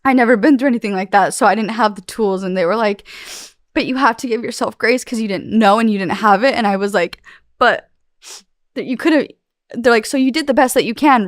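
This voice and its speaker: A woman's voice: on the high side, no echo, studio quality. A woman in her thirties speaking as an interview guest, candid and emotional, rambling with many fillers and restarts.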